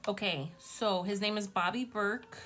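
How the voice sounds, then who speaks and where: A woman's voice: medium pitch, measured pace, fairly bright tone, slight background noise. Chatty woman giving a tarot reading. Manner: chatty, gushing, addresses viewers as y'all. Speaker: tarot reader. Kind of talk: casual tarot reading to camera.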